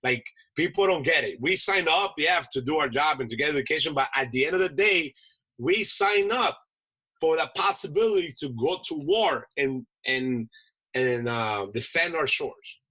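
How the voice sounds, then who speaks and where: A man tells war-time stories casually, acting out voices as he goes. His voice is bright with a husky edge. He laughs often between lines. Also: on the high side, lively intonation, normal speed, rough recording. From United States. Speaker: podcast guest, Marine veteran chef. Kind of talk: casual storytelling.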